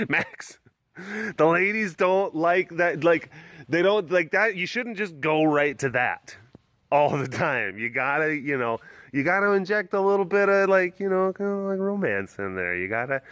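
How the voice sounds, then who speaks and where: A man vlogging from an outdoor animal compound in the country, casually chatting and cooing at the cats in a high, playful voice. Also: lively intonation, moderate pace, a bit bright, no echo. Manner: coos at the cats in a high, playful voice and laughs often. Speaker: big cat keeper and vlogger. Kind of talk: casual vlog.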